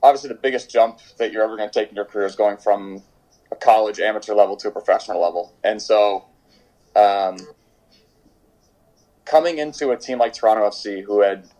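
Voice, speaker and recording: This young man, a pro goalkeeper appearing as an interview guest, has a lowish, darkish voice captured on a rough recording. Chatting from home during quarantine, he tells stories casually, full of fillers and false starts.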